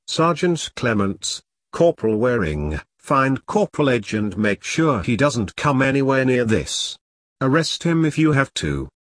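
A man doing a stern army captain, husky. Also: mid-range voice, big pitch swings, unhurried, no echo, studio quality. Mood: commanding. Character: gruff male army captain, stern but caring.

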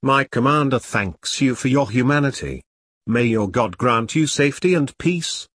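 A man's voice: medium pitch, big pitch swings, unhurried, breathy edge. A man voicing a young male soldier who interprets for his captured unit, speaking careful, formal, broken English. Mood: solemn.

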